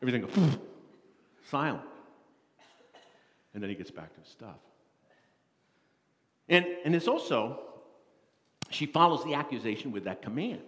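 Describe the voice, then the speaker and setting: A man preaching a sermon in a lively, dramatic way, acting out the quotes he tells. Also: high voice. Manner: animated, dramatic, acts out quotes in a rising voice. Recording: long reverb in a large hall.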